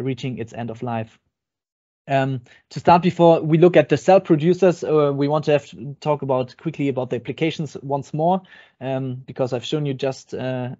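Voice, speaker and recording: A man's voice: medium pitch, warm tone. A man giving an online webinar presentation, explaining slides hesitantly with many ums and uhs. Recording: dull lo-fi webinar audio.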